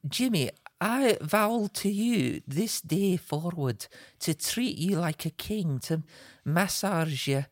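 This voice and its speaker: A man's voice: sits high, expressive, takes it slowly, hardly any pauses, no room sound, studio quality, exaggerated voice. A man voicing a teasing, mock-devoted Scottish wife in a put-on Scottish accent on a podcast. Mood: sugary.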